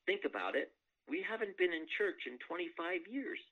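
A man doing a loud bossy old woman. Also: on the high side, big pitch swings, normal speed, voice pushed up. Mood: earnest. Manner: loud and scolding. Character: loud brash older woman, bossy and blunt. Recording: dull lo-fi recording.

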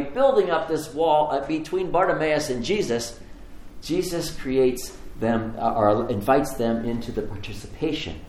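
A man's voice: mid-range voice, a little mellow, slight background noise. A man preaching a sermon, telling the story with animation and acting out the voices in it. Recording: echoey room with faint ambience.

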